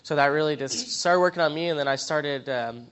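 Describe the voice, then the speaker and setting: Nervous man with a smooth voice. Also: a little high, fairly bright tone. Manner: halting, with many fillers and restarts. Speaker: church member giving a testimony. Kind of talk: personal testimony in church.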